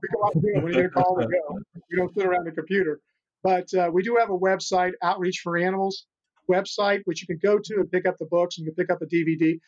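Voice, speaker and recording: A man's voice: high voice, steady tone, fast. An older man from the United States, a guest on a podcast, telling rescue stories in an earnest, rambling way with many restarts. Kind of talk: casual interview storytelling. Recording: dull lo-fi remote audio.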